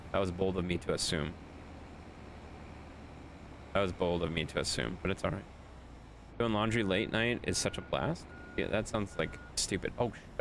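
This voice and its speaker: Lively low-voiced man streaming a game. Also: a little hiss or hum. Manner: bantering, scolds and teases chat. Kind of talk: casual live-stream commentary while playing.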